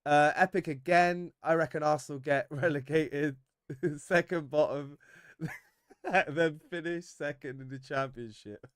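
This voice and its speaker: A man hosting a casual football fan livestream, reading viewer comments with animated banter and frequent laughs. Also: fairly high pitch, a little slow, clear, resonant tone, no echo, clean studio sound.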